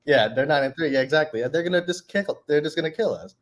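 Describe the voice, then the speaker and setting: A man's voice: on the high side, fast talker. A man on a casual sports talk panel, frustrated, talking with plenty of fillers.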